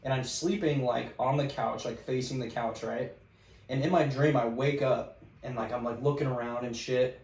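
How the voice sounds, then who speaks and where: A man's voice: mid-range voice, fairly even intonation, moderate pace, a little mellow. A man co-hosting a casual podcast, telling a dream story in a loose style full of "dude" and "like.". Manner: loose, says "dude" and "like" a lot. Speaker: podcast co-host. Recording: roomy sound, distant from the mic.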